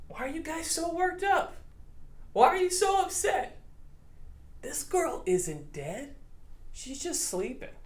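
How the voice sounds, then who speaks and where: A man voicing a kind, calm teacher figure who speaks gently and reassuringly, recorded in a roomy space. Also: very high voice, slow pace, long pauses, voice pushed up, full character voice. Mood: insistent. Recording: roomy echo.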